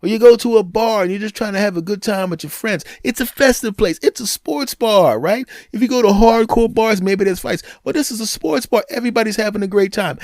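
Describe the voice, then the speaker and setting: A man hosting a podcast, telling a comic story in an animated, sarcastic way, swinging between loud and hushed. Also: high voice, fairly quick, hardly any pauses, dry recording, studio quality. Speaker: podcast host. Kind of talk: comedic storytelling monologue.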